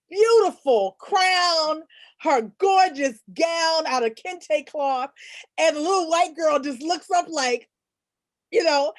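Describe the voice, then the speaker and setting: Animated high-voiced woman telling stories. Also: no echo. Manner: animated storyteller, acts out voices in anecdotes. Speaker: panelist, children's book author and illustrator. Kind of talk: panel discussion.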